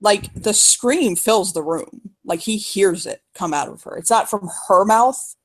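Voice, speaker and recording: A woman's voice: medium pitch, animated, unhurried. A young woman narrating a tabletop role-play as game master, talking casually with lots of fillers and laughter.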